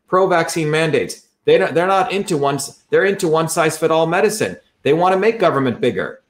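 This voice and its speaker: Guy running for office, fired up and repeating himself over and over, voice sits a bit high, talking on a stream. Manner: repetitive, rallying and combative. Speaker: political candidate. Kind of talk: livestream campaign talk.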